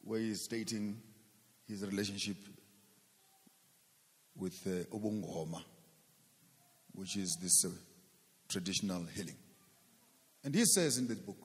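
A man's voice: fairly low pitch, a little slow, long pauses. A man preaching a sermon, emphatic and full of rhetorical questions, repeating words and stretching out key phrases. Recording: long reverb of a large hall.

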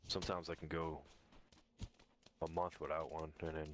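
A man's voice: rumbling low, flat delivery, moderate pace. A man in a gaming party chat, talking laid-back and profane over a headset. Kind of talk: casual party-chat banter.

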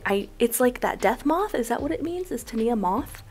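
A young woman vlogger chatting casually while unboxing gifts, excitable and gushing, saying "like" a lot. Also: on the high side, unhurried. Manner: excitable, gushing, says "like" often.

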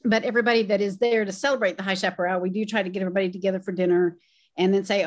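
A woman's voice: medium pitch, rapid-fire. Middle-aged woman reminiscing on a video call. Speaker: guest fan sharing memories. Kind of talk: casual remembrance chat.

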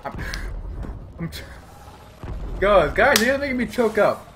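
A man live streaming, chatting excitedly to his viewers, loud and repeating himself as he hypes them up. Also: high-pitched, a little slow, slight background noise.

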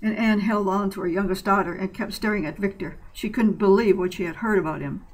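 A woman reading a science-fiction short story aloud as narrator, in a plain, even reading with small slips. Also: medium pitch, fairly quick, hardly any pauses, rough recording.

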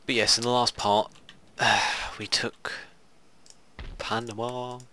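A man's voice: mid-range voice, little pitch movement, slow, pushed and bright. A man giving rambling, casual commentary while playing a strategy game. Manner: rambling, muttering asides to himself. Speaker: gaming video host. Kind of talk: casual let's play commentary.

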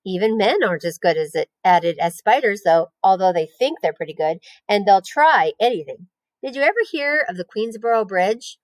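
A woman reading as a calm, wise spider. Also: mid-range voice, no room sound, lightly acted. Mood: gentle. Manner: calm, measured, gently teaching. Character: wise, patient female barn spider. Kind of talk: read-aloud storybook voice.

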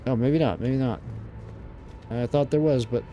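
Man, gameplay commentator, casual and excitable, mid-range pitch, faint music underneath. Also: moderate pace. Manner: casual, excitable, blurts out exclamations. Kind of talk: let's play commentary.

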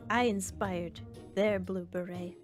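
A young woman streaming a game, chatting casually with her chat and reacting loudly to each round. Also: lowish voice, steady tone, takes it slowly. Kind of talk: casual gameplay commentary. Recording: faint background music.

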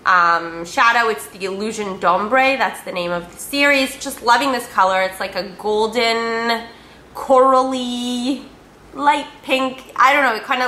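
A woman's voice: mid-range voice, pushed and bright, reverberant, slight background noise. A woman beauty vlogger chatting casually through a product review, upbeat and full of fillers and repeated words.

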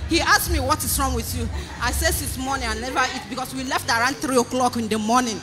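A woman with a Nigerian accent giving an emotional testimony in church, animated, repeating phrases, often crying out and laughing. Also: high voice, fast, music in the background.

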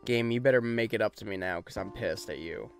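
A young man hosting a let's play, chatting casually and getting quickly frustrated, mocking himself as he goes. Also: on the low side, vocal fry, faint music behind. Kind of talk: casual gameplay commentary.

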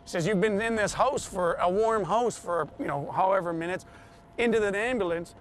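A man being interviewed, telling a personal story in an animated way and acting out the voices of the people he quotes. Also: high-pitched, normal speed, slight background noise.

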